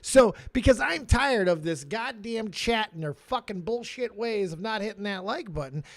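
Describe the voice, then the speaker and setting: A man's voice: high voice, expressive, moderate pace, no echo, studio quality. A man hosting a livestream, teasing his guests and swearing freely in casual chat. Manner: loud, teasing and swears a lot. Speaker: livestream host. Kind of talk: casual, profane stream chat.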